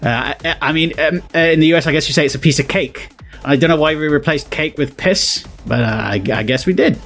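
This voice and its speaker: A man's voice: fairly high pitch, fairly quick, a bit bright, soft background music. Rambling British man chatting. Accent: British English. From Britain. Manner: rambling, chuckling, self-correcting. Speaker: YouTuber. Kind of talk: casual reaction commentary.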